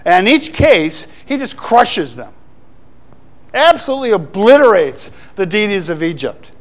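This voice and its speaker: A man's voice: high-pitched, sing-song, a little slow. A middle-aged man, a pastor, preaching a sermon with playful asides to the congregation.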